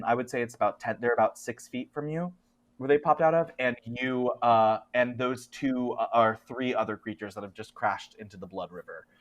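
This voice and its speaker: A man running a tabletop horror game as game master, narrating the scene in a chatty way with lots of fillers. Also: mid-range voice.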